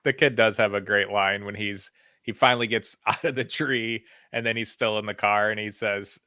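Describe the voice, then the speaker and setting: A man's voice: lowish voice, fairly even intonation, moderate pace, bright, forceful tone, no room sound. Laid-back man, dry close sound. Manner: easygoing, laughs often. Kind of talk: casual chat.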